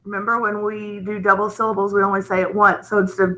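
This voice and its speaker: A woman teaching a phonics lesson, explaining patiently with gentle enthusiasm. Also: mid-range voice, level tone, fast talker, rough recording.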